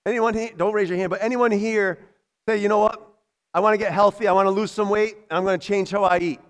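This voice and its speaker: High-voiced animated man preaching. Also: fast. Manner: animated, acts out voices, laughs often. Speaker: pastor. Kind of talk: sermon. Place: church.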